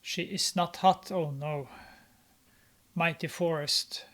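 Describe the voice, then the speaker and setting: High-voiced, slow-talking sarcastic male reviewer. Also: fairly even intonation, a bit bright. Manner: mocking, sarcastic remarks with many fillers. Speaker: movie reviewer. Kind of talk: casual movie commentary.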